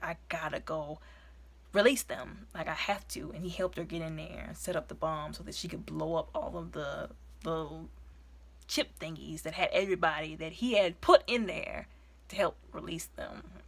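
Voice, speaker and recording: Chatty woman with a husky voice. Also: lowish voice. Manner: chatty, animated, drops into whispers when retelling scenes. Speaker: movie reviewer. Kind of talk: casual movie review.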